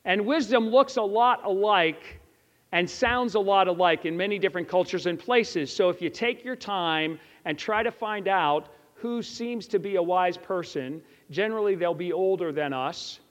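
High-voiced man preaching in an echoey chapel. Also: normal speed. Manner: storytelling, earnest, rhetorical questions to listeners. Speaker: chapel speaker. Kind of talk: sermon with personal story. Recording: echoey hall, slightly dull.

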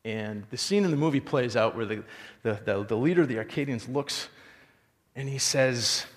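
Animated male preacher in a hall. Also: medium pitch, moderate pace. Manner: animated storytelling, rhetorical questions. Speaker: pastor. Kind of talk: sermon.

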